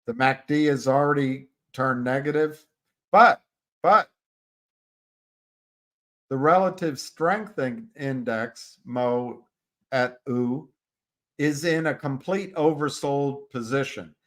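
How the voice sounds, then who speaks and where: Male live-stream host, slow, halting chart commentary with restarts. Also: medium pitch. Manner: halting, restarts mid-phrase, talks to viewers by name. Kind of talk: casual stock chart commentary.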